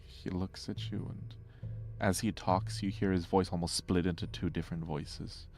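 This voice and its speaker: A man running a tabletop role-play, narrating scenes in a loose, chatty way. His voice sits very low with a gravelly rasp. Quiet music plays underneath. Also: fairly even intonation, normal speed. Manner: casual, rambling, fillers. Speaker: game master.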